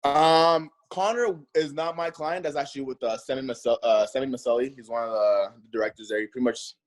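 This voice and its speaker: A man chatting as an interview guest in a relaxed, rambling way full of fillers. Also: medium pitch, a little fast. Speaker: guest, nightlife host. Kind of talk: casual interview chat.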